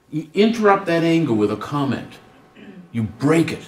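A man's voice: a little high, normal speed, a little hiss or hum. A man giving a humorous workshop talk on student service, acting out little dialogues as he goes. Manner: animated, acts out dialogues with humor. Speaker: guest speaker on student service. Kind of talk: workshop presentation. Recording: roomy hall, distant mic.

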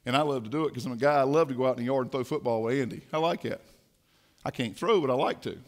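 A man preaching a sermon in a church, swinging from quiet asides to fiery shouting. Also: mid-range voice, rapid-fire. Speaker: pastor. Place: church sanctuary.

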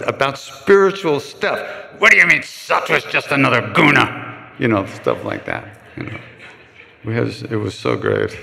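An older man with a lowish voice, a chant leader answering questions, tells frank, joking anecdotes to a live audience in a retreat hall. He acts out other people's voices in this casual storytelling talk, and the large room adds long reverb.

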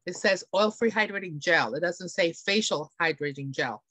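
A woman's voice: lowish voice, lively intonation, moderate pace, fairly bright tone, no room sound. A woman presenting beauty products in a chatty, enthusiastic way, often checking in with her audience. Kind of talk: live product demonstration. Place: home, on camera.

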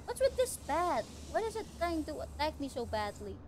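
A woman's voice: sits high, big pitch swings, moderate pace, background noise. A woman streaming a video game live, talking to herself playfully with mock-outraged exclamations. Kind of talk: live gameplay commentary.

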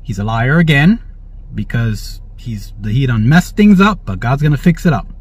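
A man's voice: medium pitch, animated, moderate pace, husky, no room sound. A man hosting prophetic religious commentary. He reads the news aloud, cuts in with praise, and keeps checking in with listeners. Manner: jubilant, interjects praise and frequent "all right?". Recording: dull, dry lo-fi recording.

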